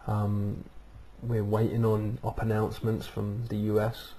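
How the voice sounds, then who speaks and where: Low, flat-voiced man chatting to webcam. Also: a little slow, slight background noise. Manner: rambling, many ums and uhs. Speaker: vlog host. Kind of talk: casual talk to webcam. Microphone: webcam microphone.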